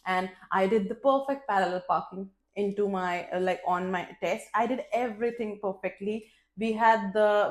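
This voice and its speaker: A woman vlogger telling a personal story in a candid, expressive, casual way, swearing freely and poking fun at herself. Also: mid-range voice. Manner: candid and expressive, with frequent swearing and self-mocking humor. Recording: roomy echo.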